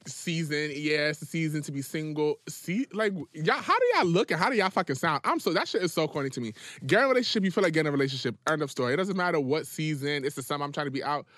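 A woman co-hosting a podcast in casual chat, blunt and quick-witted, swearing often. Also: sits low, lively intonation, a bit bright, no room sound, studio quality. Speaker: podcast co-host.

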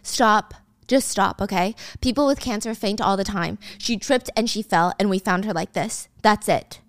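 A woman's voice: mid-range voice, moderate pace, no room sound, clean studio sound, natural voice. A woman playing a callous cheating husband. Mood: cold. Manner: curt, sneering.

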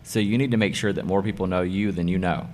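Very deep-voiced enthusiastic middle-aged man. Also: quick pace, darkish tone, slight background noise. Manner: enthusiastic, emphatic, repeats key phrases. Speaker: hairdresser and salon owner, guest. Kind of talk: casual interview talk.

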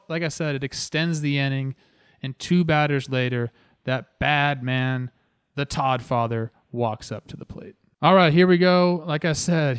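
A man in his thirties hosting his own show, telling a story about his playing days over game footage in an animated, self-deprecating, chatty way. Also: mid-range voice, clean tone, no room sound, clean studio sound. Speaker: host, former pro baseball player.

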